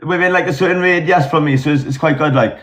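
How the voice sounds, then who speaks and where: A man from the South Wales Valleys with a South Wales accent, chatting easily as a guest and often halting on repeated words. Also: a little high, a bit bright. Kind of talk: casual chat.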